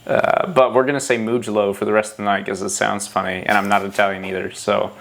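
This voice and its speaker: A man's voice: lowish voice, quick pace, gravelly, a bit bright, slight background noise. A man hosting a motorcycle podcast, talking in a loose, rambling way with frequent restarts. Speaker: podcast host. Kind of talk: casual podcast chat.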